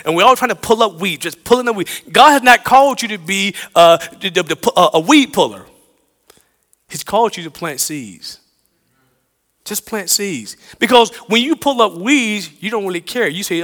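A man from the American South preaching a sermon, swinging between loud emphatic lines and hushed low ones. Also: animated, normal speed, in a large hall.

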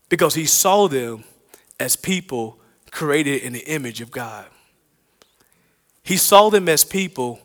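A man from the American South preaching a sermon, swinging between loud emphatic lines and hushed low ones. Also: long reverb tail.

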